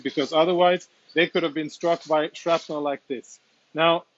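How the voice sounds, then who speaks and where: A man's voice: a little high, highs cut off. A man speaking as a military spokesman in a live on-location statement from inside a damaged apartment, earnest, insistent and slightly emotional.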